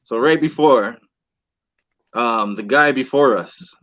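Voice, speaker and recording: A man telling a wild story on a casual podcast with friends, animated and swearing, acting out what people said. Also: mid-range voice, slow. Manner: animated, swears a lot, acts out quotes. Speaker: podcast host. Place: indoor podcast room with friends.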